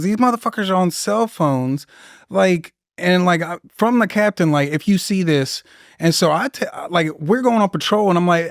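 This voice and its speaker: A man's voice: sits high, moderate pace, no room sound, studio quality. A young man, a veteran guest on a podcast, telling rambling, profanity-laced stories in casual conversation. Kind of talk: casual storytelling interview.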